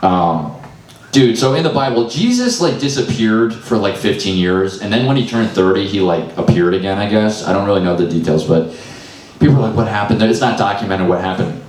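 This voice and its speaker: A man's voice: fairly low pitch, lively intonation, brisk, darkish tone. A young man doing loose, self-deprecating stand-up at an open mic, swearing often and sounding frazzled. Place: small comedy venue. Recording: echoey room, mic far off.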